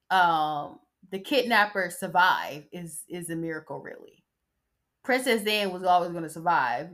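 A woman's voice: lowish voice, a bit bright. A woman hosting a podcast in a casual, sassy style, chatting and mocking as she reads an article aloud. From United States. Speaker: podcast host.

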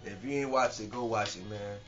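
A man's voice: on the low side, steady tone, a little fast, fairly bright tone, slight background noise. A man co-hosting a podcast in casual, profane chat, musing aloud in a laid-back way. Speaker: podcast co-host. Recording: dull lo-fi sound with faint music.

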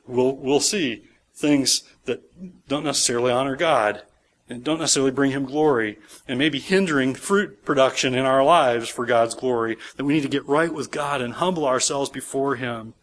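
A man's voice: mid-range voice, a bit bright. A man pastor preaching a sermon, emphatic and repeating key words for stress.

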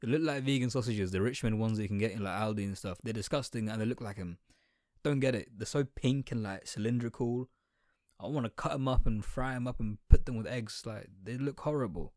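A man's voice: mid-range voice, fairly quick, a little mellow, dry recording, studio quality. A young man, ranting sarcastically and bluntly in a slang-heavy monologue.

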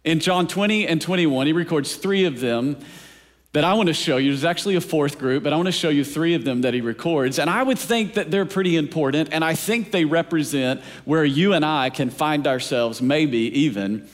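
Inside a church sanctuary, a pastor with a higher-pitched voice preaches a sermon at a moderate pace. His rhythmic delivery keeps checking whether the congregation is following, and the recording carries the long reverb of a large hall.

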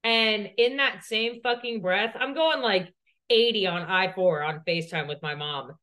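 A woman's voice: mid-range voice, measured pace, sharp tone. Woman, podcast co-host, casual storytelling, profane, rambling, filler-heavy.

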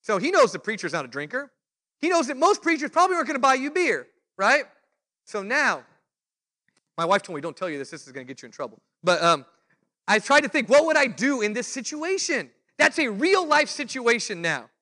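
A man's voice: very high voice, moderate pace. A male preacher giving a sermon, telling stories and acting out the people in them. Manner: animated storytelling, acts out quoted voices.

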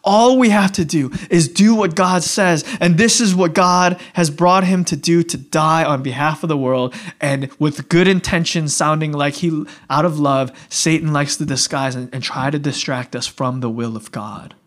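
A man's voice: on the high side, moderate pace, few pauses. A man preaching a casual, conversational sermon, talking informally and asking his listeners questions. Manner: informal, animated, asks the audience questions.

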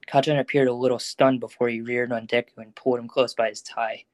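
A man reading the narration of a fan audio drama in a steady storytelling voice. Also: mid-range voice, brisk, no room sound.

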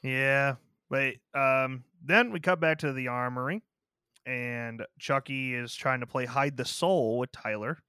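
A man's voice: medium pitch, measured pace, pushed and bright, smooth, dry recording. A man co-hosts a casual podcast, recorded with a dry, close sound. He mostly agrees in short replies and adds wry, profane jokes. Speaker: podcast co-host. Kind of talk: casual movie recap chat.

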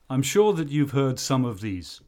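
A man teaching an English lesson, explaining things slowly and carefully. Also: medium pitch, darkish tone. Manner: slow, careful explanatory delivery. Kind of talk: recorded lesson narration.

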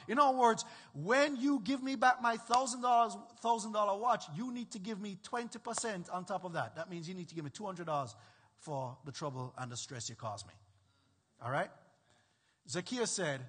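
Male pastor, sermon, emphatic, repeats himself, husky, long reverb. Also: sits high, normal speed, a bit bright. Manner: emphatic, repeats points, checks in with listeners.

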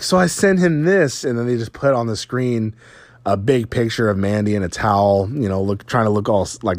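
A man's voice: mid-range voice, dry recording. A man casually recapping a wrestling show, rambling and swearing, with lots of fillers.

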